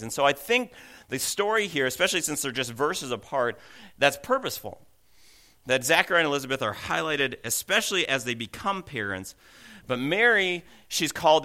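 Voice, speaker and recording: Male pastor, middle-aged, bright forceful voice, casual self-deprecating sermon delivery. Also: medium pitch. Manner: conversational, self-deprecating, frequent restarts.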